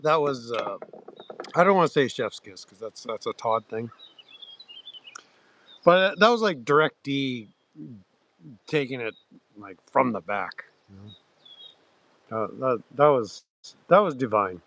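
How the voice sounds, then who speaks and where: Rambling man clearing his throat. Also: mid-range voice, expressive, a bit bright. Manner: halting, many fillers and restarts, crude slang. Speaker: livestream host. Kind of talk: rambling casual chat to viewers.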